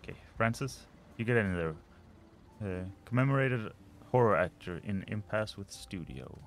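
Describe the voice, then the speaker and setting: A man's voice: on the low side, lively intonation, normal speed. A man casually commenting while he plays a management game, often muttering and trailing off as he thinks aloud. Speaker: let's play host.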